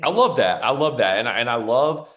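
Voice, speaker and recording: A man's voice: mid-range voice, animated, brisk, fairly bright tone. A man hosting a podcast, telling a family story in a chatty, affirming way. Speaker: podcast host. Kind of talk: casual interview talk.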